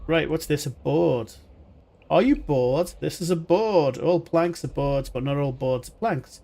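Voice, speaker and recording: A man's voice: a little high, unhurried, gravelly, dark tone. A man giving chatty, rambling live commentary on a game he is playing, with jokey asides. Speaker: streamer.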